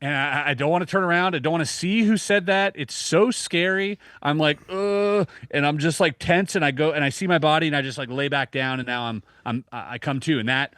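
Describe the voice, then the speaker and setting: A man in his thirties, a podcast guest, telling a personal story in a casual, animated way with many restarts, acting out his own reactions. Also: on the high side, a little fast, hardly any pauses, dry recording.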